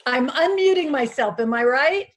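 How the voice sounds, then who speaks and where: A woman in her sixties gives a heartfelt, halting union speech over a video call from her small house, emotional and full of fillers. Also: sits high, animated. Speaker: union president addressing a convention.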